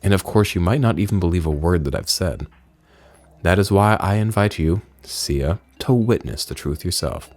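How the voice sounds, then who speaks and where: A man reading out a video game's dialogue in a put-on deep voice, playing a solemn former member of a villain group. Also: moderate pace, darkish tone. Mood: grave. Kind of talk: reading game dialogue aloud.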